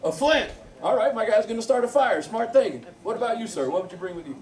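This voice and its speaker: A man's voice: high voice, expressive, quick pace. A man with a Southern accent doing a brash, crude stand-up set, bantering with the crowd in a bar. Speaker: stand-up comedian. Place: comedy bar stage. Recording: echoey club from far off, crowd.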